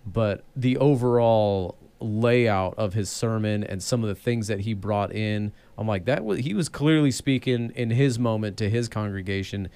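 A man, a pastor, chatting casually on a church podcast, rambling with many restarts and animated asides. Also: fairly low pitch, normal speed, hardly any pauses, clear, resonant tone, dry recording. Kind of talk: casual chat.

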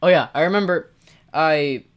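A young man hosting a casual podcast, joking and teasing his co-host with quick, laughing asides. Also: on the high side, clear, resonant tone.

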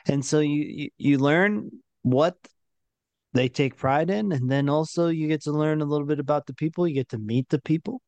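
A man's voice: fairly high pitch, normal speed, darkish tone, dry recording, dull audio. A man co-hosting a podcast in casual chat, thoughtful and restarting words as he builds a point.

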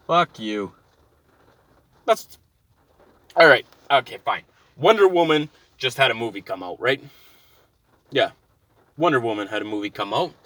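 Brief: thirties man, bright forceful voice, dry close sound, profane car rant. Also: medium pitch, dry recording. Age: 30s. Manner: swears constantly, heated and animated. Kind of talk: profane ranting monologue. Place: inside a car.

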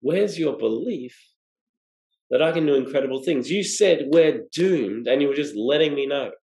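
A man's voice: mid-range voice, expressive, moderate pace, warm tone, echoey room, poor audio. A man preaching a sermon, explaining scripture and asking rhetorical questions. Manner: expository, asks rhetorical questions.

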